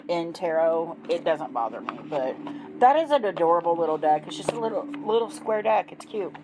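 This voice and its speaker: A woman's voice: low voice, noisy background. A woman chatting casually as she shows her new tarot decks, gushing and rambling with many ums. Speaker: tarot deck reviewer. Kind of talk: casual unboxing chat. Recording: background music playing.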